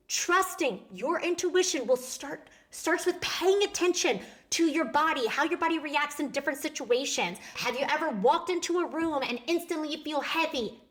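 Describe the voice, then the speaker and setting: A woman, coaching highly sensitive people in a chatty, earnest talk. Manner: chatty and earnest, animated with "like" and "y'all". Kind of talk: casual advice talk to camera.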